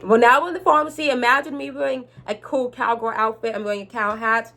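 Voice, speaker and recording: A young adult woman telling a storytime vlog in an animated, chatty way, speaking straight to her viewers. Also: a little high, quick pace, few pauses. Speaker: vlogger.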